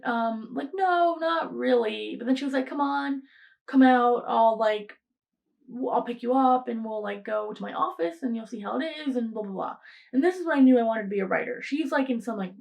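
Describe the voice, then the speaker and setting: Young woman with a gravelly voice. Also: on the high side, darkish tone. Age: young adult. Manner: rambling, frequent fillers and restarts, acts out quoted lines. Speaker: podcast host. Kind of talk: casual storytelling monologue.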